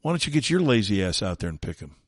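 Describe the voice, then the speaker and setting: A man's voice: fairly low pitch, big pitch swings, quick pace, husky, no room sound, studio quality. A man hosting a talk radio show, delivering a sarcastic, combative opinion monologue.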